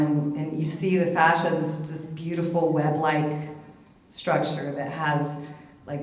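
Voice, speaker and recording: A chatty, upbeat woman personal trainer talks on a panel at a summit, laughing at her own jokes. Her voice sits a little low, and the echo of a large hall hangs around every word. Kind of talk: casual panel talk.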